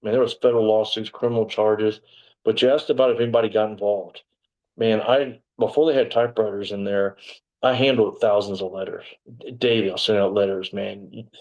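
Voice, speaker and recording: A lowish-voiced man, telling his story in an interview. He talks bluntly and swears freely, breaking into loud outbursts when he quotes himself. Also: fairly even intonation, fairly quick, poor audio. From Texas, USA. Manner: blunt and profane, bursts out when quoting himself. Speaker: interview guest. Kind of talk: storytelling in conversation.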